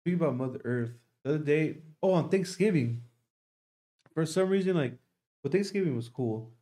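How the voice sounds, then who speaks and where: A man's voice: a little high, lively intonation, moderate pace, mellow. A young man in casual podcast talk, rambling through a long story with lots of swearing. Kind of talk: casual chat.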